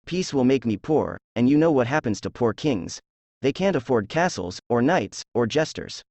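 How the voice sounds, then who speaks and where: A greedy, blustering king, as a male reader voices him. He speaks with menace and a gravelly rasp. The read is dry and close to the mic. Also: mid-range voice, lively intonation, normal speed, darkish tone, no echo. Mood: scheming.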